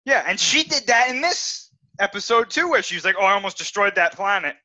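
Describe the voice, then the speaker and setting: Male co-host, high and animated, chatty with fillers. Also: brisk. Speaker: podcast co-host. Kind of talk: casual podcast chat. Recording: dull lo-fi audio.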